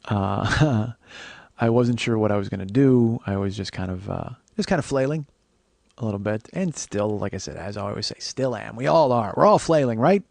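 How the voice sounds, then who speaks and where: A man hosting a podcast, telling a candid, profane comedic story with frequent fillers and animated acted-out quotes. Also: fairly low pitch, moderate pace, vocal fry, no echo.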